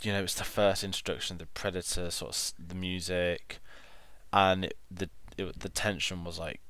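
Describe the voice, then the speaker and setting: A man co-hosting a casual film review chat, enthusiastic and halting, repeating words. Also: low-pitched, little pitch movement, fairly bright tone, no room sound. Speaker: film club co-host.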